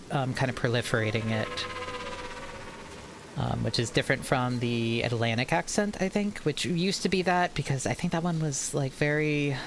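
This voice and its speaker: A woman's voice: rumbling low, noisy background. A woman with a Maryland accent, chatting casually on a gaming stream and rambling from one tangent to the next. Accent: Maryland American. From Maryland, USA.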